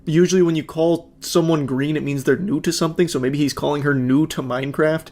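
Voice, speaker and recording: Man, reaction commentary, sarcastic, casual swearing, slightly high voice. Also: steady tone, fairly quick, darkish tone. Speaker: commentary host.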